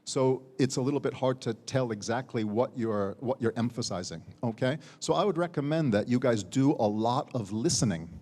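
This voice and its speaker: Long hall reverb surrounds this American man's mid-range, slightly mellow voice as he talks at normal speed with few pauses. A university teacher acting as a competition judge, he gives feedback to student contestants, repeating words and tagging phrases with "okay?"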